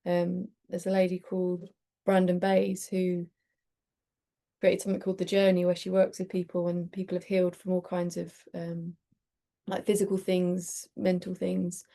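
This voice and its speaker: A woman's voice: lowish voice, monotone, moderate pace, creaky, dark tone. A woman taking part in a casual group discussion, speaking hesitantly with many fillers. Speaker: group participant.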